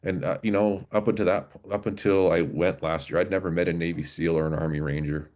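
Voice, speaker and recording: A man in his forties, a podcast guest and former police officer, telling his story in an earnest, halting way with many restarts. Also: sits low, fairly even intonation, darkish tone. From Canada, Alberta. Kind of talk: casual storytelling interview.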